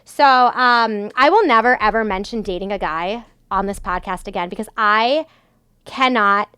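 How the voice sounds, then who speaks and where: A woman's voice: medium pitch, moderate pace, smooth, dry recording. A young adult woman hosting a podcast, telling a story in a casual, exasperated way with lots of filler words. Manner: exasperated, animated retelling with many "like" fillers. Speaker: podcast host.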